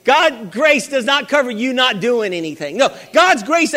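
This male pastor's pitch is extremely high, his intonation lively, and his tone bright and forceful as he preaches at normal speed with few pauses. Repeating phrases and asking the congregation for amens, he fills a church hall whose big-room reverb rings on.

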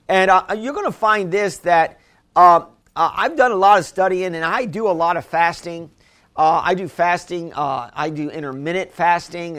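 A man with a notably high voice preaches a sermon to his congregation. He talks in a loose, conversational way, full of restarts and asides, and builds toward emphatic calls to the church. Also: fairly bright tone. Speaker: pastor.

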